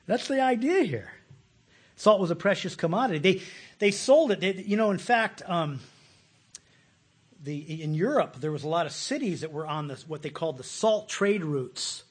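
Man, preacher, folksy sermon, high husky voice. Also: normal speed. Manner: folksy, animated, laughs often, repeats words.

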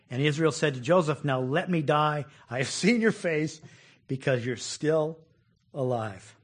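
A man preaching a conversational sermon, chuckling often and acting out people's complaints. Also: fairly high pitch. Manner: conversational, laughs often, acts out quoted complaints.

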